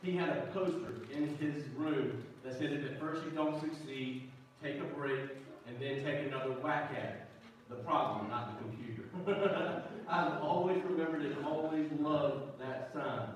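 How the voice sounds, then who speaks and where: A man's voice: on the high side, normal speed, slight background noise. A man preaching a sermon as pastor, folksy and joking, calling out to the congregation. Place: church sanctuary. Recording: echoey church hall, mic from a distance.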